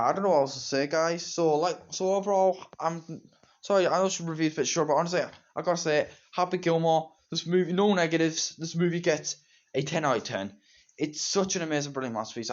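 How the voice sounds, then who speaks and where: A teenage boy, reviewing a movie in rambling, repetitive fan talk. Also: a little high. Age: teens. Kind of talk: casual solo movie review. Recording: dull lo-fi home recording.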